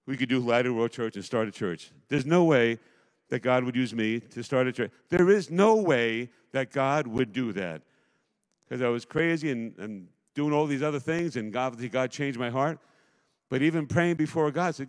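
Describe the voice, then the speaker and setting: A man's voice: mid-range voice, expressive, moderate pace. Emphatic middle-aged male pastor preaching. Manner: emphatic, swings between loud declarations and hushed asides. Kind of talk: impassioned sermon. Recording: long hall reverb.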